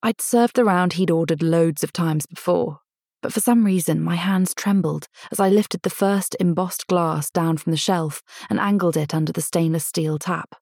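Woman narrator, low voice, dry close recording, measured intimate storytelling. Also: steady tone, a little mellow, dry recording. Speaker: audiobook narrator. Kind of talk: first-person scripted narration.

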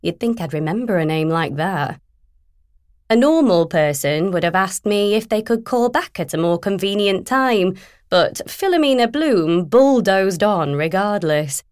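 A woman narrating a first-person novel in a wry, steady storytelling manner. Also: medium pitch, measured pace, dry recording, studio quality. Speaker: audiobook narrator.

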